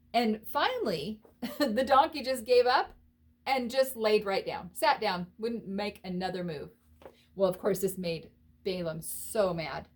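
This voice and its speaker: A woman with a mid-range voice teaches a children's Bible lesson, telling the story in an animated, expressive way and asking the listeners questions.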